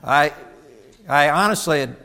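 A man's voice: a little high, measured pace, sharp tone, clear, resonant tone. A middle-aged man preaching a sermon as pastor, earnest and personal, often restarting his sentences. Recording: long hall reverb.

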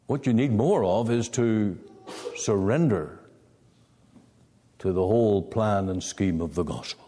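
A man delivering a sermon slowly and deliberately. His pitch sweeps up and down with emphatic preaching. The sound carries a long reverb, as in a large hall. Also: expressive, dark tone.

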